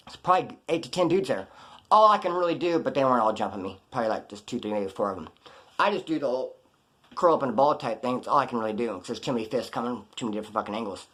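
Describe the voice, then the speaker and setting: Fast-talking profane man telling stories. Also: medium pitch, fairly bright tone. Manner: blunt, profane, streetwise storytelling. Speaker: storyteller recounting prison experiences. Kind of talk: casual storytelling to camera.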